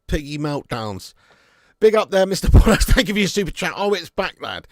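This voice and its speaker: A man hosts a loose fan livestream, answering chat with blunt, swearing banter and calling everyone mate. His voice sits a little high. The sound is close and dry, with no room around it. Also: big pitch swings, normal speed, no room sound. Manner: blunt, jokey, swears freely, calls viewers mate and lad. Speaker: fan channel host reading live chat.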